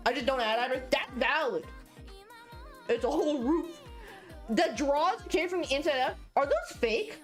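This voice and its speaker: A woman's voice: high-pitched, expressive, moderate pace, soft background music. A young adult woman streaming live as she draws, chatting casually in a rambling, profane, filler-heavy way. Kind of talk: casual livestream chat while drawing.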